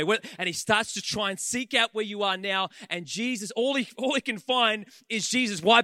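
A man preaching a sermon in church, animated and conversational, acting out the voices of the people he talks about. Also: high voice, normal speed, hardly any pauses, no echo, studio quality.

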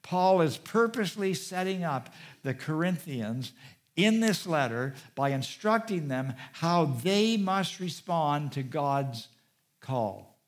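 A man's voice: on the high side, lively intonation. A middle-aged man, a pastor, preaching a sermon and drawing out the key words for emphasis. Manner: stresses key words with slowed, drawn-out delivery.

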